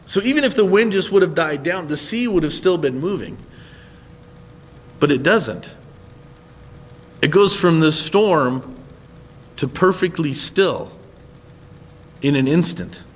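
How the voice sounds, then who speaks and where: Male pastor, fairly high voice, chatty sermon delivery, long hall reverb. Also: expressive, takes it slowly, pauses often, husky. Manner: conversational, asks listeners "right?".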